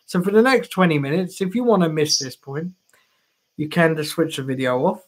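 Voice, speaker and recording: A man's voice: a little high, normal speed. A man hosting a casual live stream, rambling with fillers and laughing often. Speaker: host.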